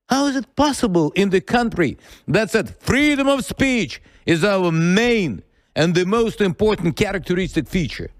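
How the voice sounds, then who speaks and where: A man hosting an interview, animated and mocking, with a sarcastic edge. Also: sits high, moderate pace, no room sound. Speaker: host.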